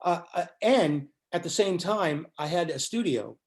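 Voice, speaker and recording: A man's voice: fairly high pitch, measured pace. An older man, a musician guest in an interview, telling a story and acting out the lines of the people in it. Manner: animated storyteller acting out quotes.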